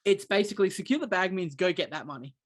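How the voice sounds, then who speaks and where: Podcast co-host, man, slightly higher pitch, chatty rambling storyteller. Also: fast. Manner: rambling storyteller, many restarts. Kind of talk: casual chat.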